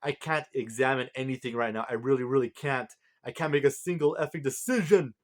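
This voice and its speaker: A man's voice: medium pitch, normal speed, darkish tone, natural voice. A man reading aloud the lines of an anxious, overwhelmed female valkyrie leader. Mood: frantic.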